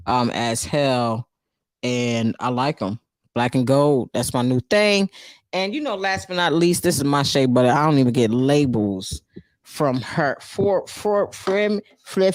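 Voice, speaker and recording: A woman's voice: very deep voice, dry recording. Chatty New York woman, dry sound. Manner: chatty and loose, reacting to chat, frequent fillers. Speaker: comedian hosting her own live stream. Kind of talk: casual live-stream book recap.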